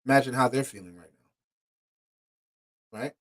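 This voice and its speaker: Reading court documents on his podcast, a man with a mid-range voice and moderate pace fumes over what he finds, profane and indignant. His delivery stumbles, shifting from quiet mutters to sudden loud outbursts.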